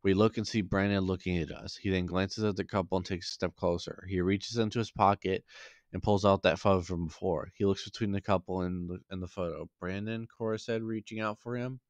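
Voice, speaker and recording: A man's voice: deep voice, fairly even intonation, a little fast, no room sound. A man reading a fan fiction story aloud, voicing every character in his own voice, with small slips as he reads. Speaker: story reader.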